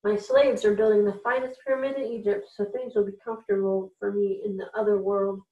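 A woman's voice: medium pitch, steady tone, a little fast, far from the mic, narrow, tinny audio, lightly acted. A proud, moody pharaoh speaks in a grand, commanding way that slides into weary wistfulness, as a woman reading a storybook puts him on. The room rings with echo. The voice sits back from the microphone. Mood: wistful. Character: moody, grand ancient Egyptian pharaoh, man. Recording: echoey room, voice off-mic.

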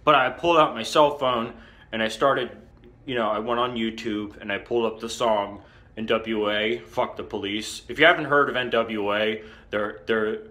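Bright-voiced indignant rambling man. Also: on the low side. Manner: indignant, belligerent, rambling with many fillers. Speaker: comedy character monologue. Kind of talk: rambling comic monologue.

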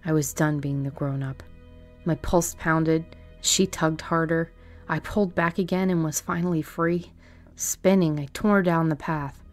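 A woman's voice: low-pitched, fairly even intonation, measured pace, faint music behind. A woman narrating a tense horror story in the first person. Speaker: story reader. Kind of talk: scripted narration.

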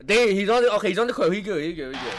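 A young man reacting live to basketball highlights, excitable, cursing and shouting at the players. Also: rapid-fire, very noisy. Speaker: streamer reacting to game highlights.

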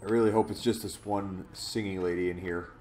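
A man's voice: low-pitched, steady tone, a little fast, darkish tone, slight background noise. A man giving let's play commentary on a horror game, jumpy and jokey, swearing when startled. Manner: jokey, talks to the viewer. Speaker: gaming video host.

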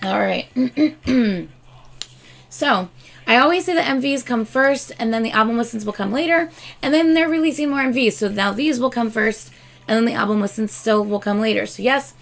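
Chatty woman with a gravelly voice. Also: fairly high pitch. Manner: rambling, filler-heavy and chatty. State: dry, scratchy throat. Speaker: music reaction channel host. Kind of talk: casual talk to camera.

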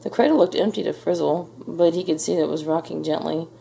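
Woman reading a kids book out loud, low mellow gravelly voice, bit of hiss. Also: fast. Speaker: storybook reader. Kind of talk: reading a children's book aloud.

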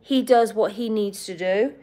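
Slow-talking chatty woman live-streaming. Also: mid-range voice, dark tone. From England. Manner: chatty and giggly, talking to viewers and her bird. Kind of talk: casual live-stream chat.

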